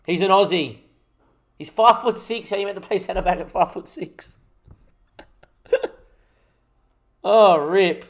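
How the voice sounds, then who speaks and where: A young man hosting his gaming channel, chatting casually and jokily as he thinks out loud over gameplay. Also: sits high, unhurried, long pauses. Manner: rambling, jokey, thinks aloud while playing.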